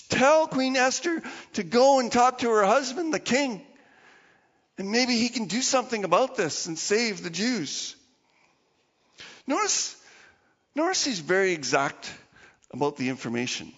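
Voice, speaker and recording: Pastor guy preaching, high lively voice, big echoey hall, kinda dull sound. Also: a little slow, pauses often. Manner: animated storytelling with acted-out voices. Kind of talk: sermon. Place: church.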